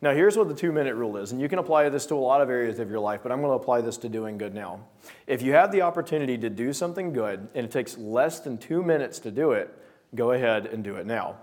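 A man's voice: mid-range voice, fast talker. A young man preaching a sermon to a small gathering, telling stories and acting out quoted voices. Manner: animated storytelling with voiced quotes.

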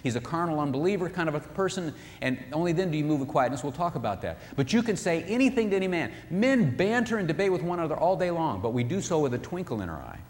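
A man giving a sermon-style talk on marriage, animated, acting out what spouses say. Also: fairly high pitch, quick pace, hardly any pauses, big-room sound. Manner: animated, acts out spouses' voices. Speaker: marriage speaker.

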